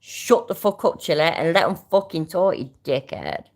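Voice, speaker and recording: A woman's voice: on the low side, very animated, moderate pace. A woman with a British accent giving sarcastic, sweary casual reaction commentary. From Britain. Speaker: reaction vlogger.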